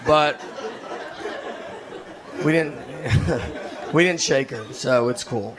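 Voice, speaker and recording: Deadpan stand-up man. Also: fairly high pitch, moderate pace, pauses often. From Tennessee. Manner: deadpan, rambling, self-deprecating. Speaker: stand-up comedian. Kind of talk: stand-up set. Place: theater stage with a laughing audience. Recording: live stage recording with clear noise.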